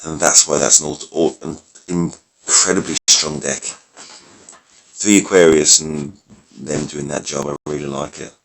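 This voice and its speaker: A man's voice: a bass voice, level tone, moderate pace, gravelly, fairly bright tone. A man casually talking through card game decks, rambling and correcting himself as he thinks aloud, his voice a little worn. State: losing his voice. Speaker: mobile game video creator. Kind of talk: casual gameplay commentary.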